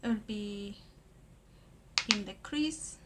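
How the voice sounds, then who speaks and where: A woman from Argentina, talking through a makeup tutorial in a hesitant way with many pauses and fillers. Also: mid-range voice, a little hiss or hum. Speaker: makeup vlogger.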